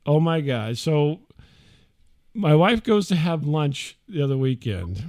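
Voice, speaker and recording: A middle-aged man tells a rambling, profane story as a podcast host, talking casually. His voice sits a little high and swings widely in pitch. The recording is dry and close. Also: very animated, slow pace, darkish tone, no echo.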